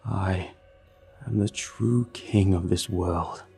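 A monstrous creature drawls slowly in a Texas accent, every word unhurried and threatening, as a male narrator puts him on. The voice sits low and dark. Soft music plays underneath the storytelling. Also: gravelly, heavily acted. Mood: menacing. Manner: slow, drawling, menacing.

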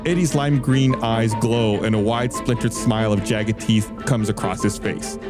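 A man narrating a tabletop game as game master, steady and descriptive, over loud background music. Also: fairly low pitch, moderate pace.

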